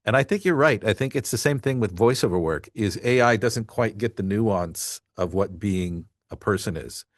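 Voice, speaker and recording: A man's voice: lowish voice, normal speed, few pauses, no echo, clean studio sound. A man hosting a podcast, rambling in casual chat with many asides. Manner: rambling, full of fillers and asides. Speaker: podcast host.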